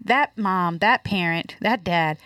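A woman giving a reflective faith testimony, searching for words with many halting restarts. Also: lowish voice, fairly bright tone, no room sound, studio quality. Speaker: guest.

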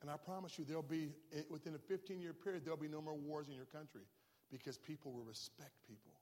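A man preaching to a church congregation, his voice sitting a little high. He is impassioned and swings from hushed, close talk to loud, rising shouts. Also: steady tone, fast, big-room sound. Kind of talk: sermon.

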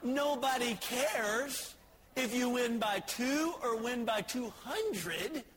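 A male preacher giving a sermon, telling stories and jokes, swinging between soft asides and shouted lines. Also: very high-pitched, lively intonation, slow pace, background noise.

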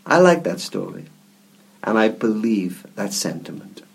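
A man, a guest author and speaker, telling a story in an interview in a gentle, reflective way, often repeating words as he goes. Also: on the low side, big pitch swings, unhurried, vocal fry, breathy edge.

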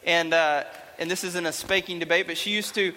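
A man's voice: fairly high pitch, steady tone, brisk, bright, forceful tone, a little hiss or hum. A young man giving a playful, chatty youth talk to a live audience in a large hall. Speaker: youth speaker.

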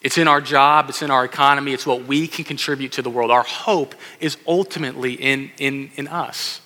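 Bright-voiced preacher in a reverberant hall. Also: male voice, mid-range voice, a little fast. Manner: animated, acts out quoted voices, addresses kids in audience. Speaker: pastor. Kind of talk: sermon. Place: church sanctuary.

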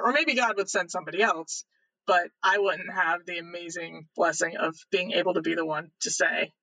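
Male podcast guest, high and bright, earnest storyteller, dry close sound. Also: moderate pace, no echo, poor audio. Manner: earnest, faith-filled, animated retelling. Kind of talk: casual personal storytelling.

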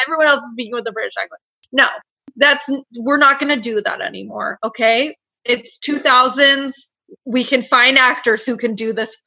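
A woman's voice: a little high, moderate pace, gravelly, bright, forceful tone. A woman hosting a casual movie review podcast, blunt and ranting, swearing freely. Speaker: podcast host.

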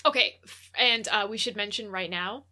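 A woman's voice: medium pitch, normal speed, bright, forceful tone. A young adult woman co-hosting a podcast in casual chat, teasing and sarcastic, often laughing. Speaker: podcast co-host.

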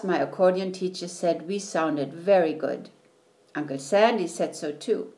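A woman reading a children's storybook aloud in a gentle, unhurried way. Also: mid-range voice. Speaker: reader.

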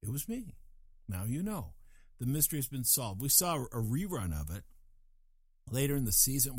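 A man's voice: medium pitch, dry recording, studio quality. An older man from Colorado telling a rambling, self-deprecating story and acting out the voices of people in it. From Colorado, USA. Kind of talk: casual spoken anecdote.

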